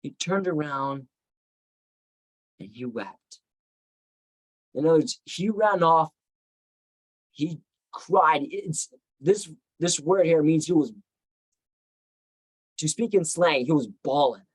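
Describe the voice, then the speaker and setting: A man's voice: a little high, expressive, takes it slowly, pauses often, dry recording, rough recording. A man teaching a Bible study, retelling the story reflectively with frequent restarts.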